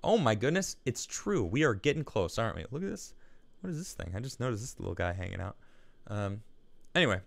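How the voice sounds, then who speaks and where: A man's voice: fairly low pitch, sing-song, a little fast, creaky, no room sound. A man hosting a live stream, chatting casually and reading viewer messages aloud, laughing easily and restarting his sentences. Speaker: livestream show host.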